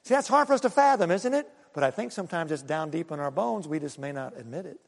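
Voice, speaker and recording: A man preaching a sermon, animated and full of rhetorical questions and acted-out asides to the congregation. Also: fairly high pitch, fast, vocal fry, big-room sound. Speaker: pastor.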